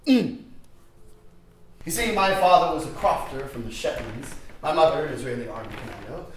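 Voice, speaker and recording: Pompous method-acting guru played by a man, lively swooping delivery, echoey far-off room. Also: on the high side, normal speed, slight background noise. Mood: grandiose. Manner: grandiose, theatrical lecturing. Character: pompous self-important male acting guru. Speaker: acting teacher.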